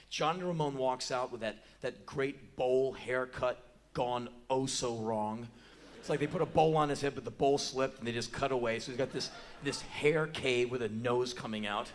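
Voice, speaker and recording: A man in his forties telling a long comic story live on a theater stage, animated and breaking into loud yelps and acted-out quotes. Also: mid-range voice, moderate pace, slight background noise. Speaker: spoken word performer. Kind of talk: live spoken word storytelling. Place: large theater stage before a live audience.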